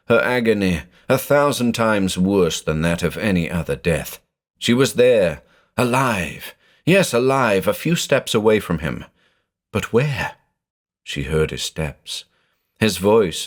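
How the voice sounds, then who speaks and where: Male horror narrator, deep voice, animated delivery. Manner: dramatic, expressive storytelling.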